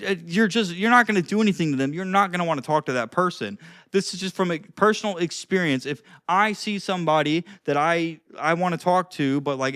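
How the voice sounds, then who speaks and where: A young man vlogging advice straight to camera in a high, light voice. He rambles loosely, restarting sentences and leaning on "like". The sound is close and dry, with no room around it. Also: a bit bright, dry recording. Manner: rambling, frequent "like" and restarts, demonstrates tones. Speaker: social skills vlogger. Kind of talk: casual advice vlog to camera.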